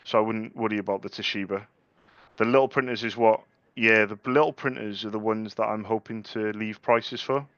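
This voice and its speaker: A man's voice: fairly low pitch, fairly even intonation, fairly quick, fairly bright tone, no room sound. A young man in an office, bantering cheekily with phone sales contacts and laughing at his own jokes. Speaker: salesperson cold calling. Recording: dry, dull lo-fi sound.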